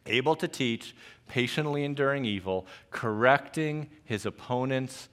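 A male pastor delivering a lively sermon in a church, joking and growling playfully to make his points. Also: mid-range voice, a little slow. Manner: animated, jokey preaching with playful growls.

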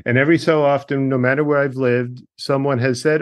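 A man's voice: mid-range voice, fairly quick. A man from Long Island with a Long Island accent, a guest author joking his way through an interview. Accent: Long Island New York. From Long Island, New York. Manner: wry, joking, lively delivery. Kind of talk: podcast interview.

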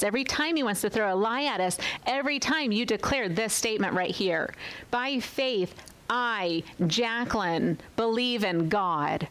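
Female preacher, mid-pitched, emphatic and repetitive, sermon delivery. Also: rough recording. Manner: emphatic, repetitive, asks the listeners questions.

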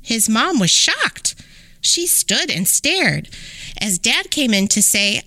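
Slow, expressive storytelling woman. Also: on the high side, no room sound. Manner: rhyming, expressive, sing-song. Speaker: podcast host. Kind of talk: storybook read-aloud.

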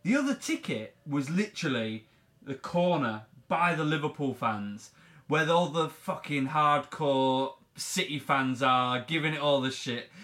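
A man's voice: on the high side, a bit bright. A young man co-hosting a casual football podcast, telling a story with swearing and laughter. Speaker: podcast co-host. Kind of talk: casual chat.

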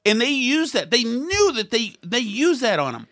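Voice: medium pitch, sing-song, normal speed, a bit bright. A talk show commentator giving rambling, sarcastic opinion with many asides and restarts. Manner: rambling, sarcastic, mimics others in quotes.

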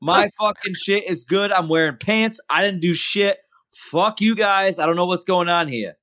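A man's voice: sits high, normal speed, bright, forceful tone, no room sound, studio quality. A man playing a tabletop role-playing game, brash and profane in character, often laughing. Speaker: player.

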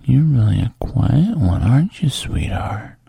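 A whispered role-play in which a man plays a pushy young fraternity guy with a gravelly, breathy low voice. He coaxes slowly and lingers on pet names. The sound is close and dry. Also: very animated, mellow, no echo, heavily acted. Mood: coaxing. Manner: coaxing, calls the listener baby and sweetheart. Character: smooth-talking young male fraternity guy, coaxing and pushy.

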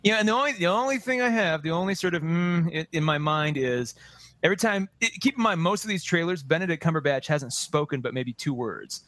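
A man co-hosting a casual podcast, rambling and animated with lots of restarts. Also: a little high, a little fast, no echo. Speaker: podcast co-host. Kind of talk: casual chat about movies.

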